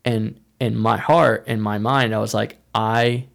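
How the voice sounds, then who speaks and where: A man with a low, gravelly voice tells a personal story in a loose, conversational way. He rambles, leans on "like" again and again, and slips into the voices of people he quotes. The delivery is casual and unpolished. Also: fairly even intonation, measured pace, fairly bright tone. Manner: rambling, heavy use of "like", acts out quoted dialogue.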